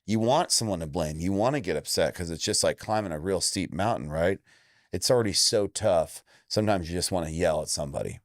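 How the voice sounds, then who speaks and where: A man's voice: fairly quick, no room sound, clean studio sound. A man in his forties from Indiana, a fight coach talking bluntly and emphatically in an interview. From Indiana, USA. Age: 40s. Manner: blunt, emphatic, acts out quoted lines with jumps in pitch. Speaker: MMA coach, guest. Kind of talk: candid interview talk.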